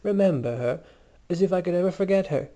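An eager admirer from a storybook, gushing with loud emphasis as they reminisce, voiced by a man reading aloud. The voice is mellow and warm underneath. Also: high-pitched, lively intonation, fast talker, pitched above the performer's own voice. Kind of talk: audiobook character voice.

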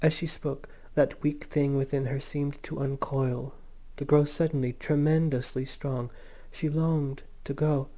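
A man narrating a story in a measured, gentle reading. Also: mid-range voice. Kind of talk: scripted audiobook narration.

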